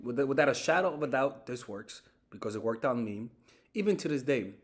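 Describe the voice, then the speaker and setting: A man's voice: medium pitch, brisk. A young man giving casual dating advice in a monologue, swearing often and repeating himself as he talks. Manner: animated, swears often, repeats and restarts words. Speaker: dating coach.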